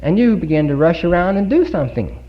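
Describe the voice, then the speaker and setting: Man, earnest sermon, slightly high voice, muffled lo-fi 1950s recording. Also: sing-song. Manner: earnest, rhetorical questions, dramatic pauses. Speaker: speaker giving a Bible talk. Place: congregation hall.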